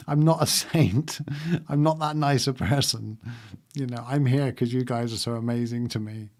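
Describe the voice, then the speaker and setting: A man's voice: mid-range voice, fairly even intonation, normal speed, a little mellow. A man hosting a livestream, talking casually and reflectively to his viewers and laughing often. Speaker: livestream host.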